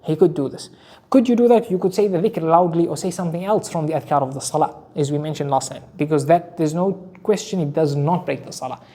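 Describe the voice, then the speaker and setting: A man's voice: fairly high pitch, fast, warm tone. A man giving a religious lesson, explaining rulings and often repeating his key phrases, with Arabic terms mixed in. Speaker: Islamic teacher.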